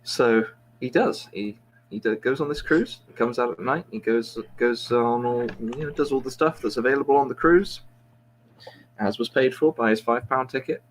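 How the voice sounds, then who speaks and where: A man's voice: mid-range voice, moderate pace, a little hiss or hum. A man, a podcast host, telling a long joke in a rambling, self-mocking way with many restarts.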